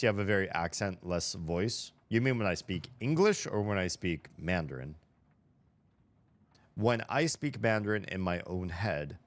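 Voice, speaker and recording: Deep-voiced american guy streaming a game, neutral accent, rambles on to chat with lots of restarts. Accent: neutral General American. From United States. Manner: chatty, rambling, thinks aloud with restarts. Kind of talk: casual livestream chat while gaming.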